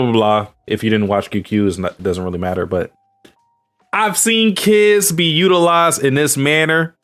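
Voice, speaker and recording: A man hosting a podcast, chatting casually about anime in a rambling way with lots of fillers. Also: medium pitch. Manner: rambling, with many fillers, and laughs at his own jokes. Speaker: podcast host. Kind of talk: casual chat reviewing anime.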